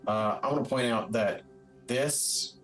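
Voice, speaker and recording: A man's voice: medium pitch, unhurried, fairly bright tone, soft background music, poor audio. A man running a streamed tabletop game as its game master, talking upbeat and chatty with plenty of filler words.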